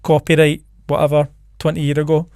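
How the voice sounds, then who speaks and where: Laid-back Scottish male co-host, gravelly fry, slightly higher voice, fact-sharing chat. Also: completely flat delivery, a little fast, a little mellow, no echo. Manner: laid-back, shares researched facts. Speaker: podcast co-host. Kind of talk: casual chat.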